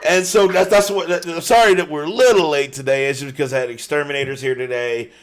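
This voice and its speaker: Animated, swearing male podcast host. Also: a little high, quick pace, noisy background. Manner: animated storyteller, swears freely, laughs often. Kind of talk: casual chat.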